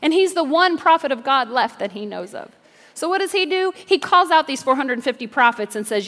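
A woman preaching from the pulpit with a fairly high voice, mixing stories with jokes and asking the crowd to respond. Her voice spreads into the long, ringing reverb of a large church hall. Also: lively intonation, fairly quick, a bit bright. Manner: playful storytelling with jokes and audience call-and-response. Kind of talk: sermon. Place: church sanctuary.

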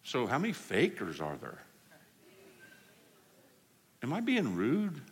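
A man preaching a sermon, telling healing stories in an animated way and acting out the people he quotes. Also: mid-range voice, takes it slowly, husky. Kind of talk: storytelling sermon. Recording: hall reverb.

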